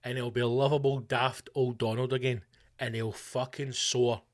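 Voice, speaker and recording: A man's voice: mid-range voice, normal speed. Sweary Scottish man ranting. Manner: sweary, animated, conspiratorial. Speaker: podcast host. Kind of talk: comedic solo rant.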